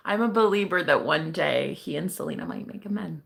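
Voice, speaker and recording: A woman's voice: sits low, a little fast, vocal fry. A young woman hosting a casual livestream as a psychic reader. She chats with viewers, laughs often and swears casually.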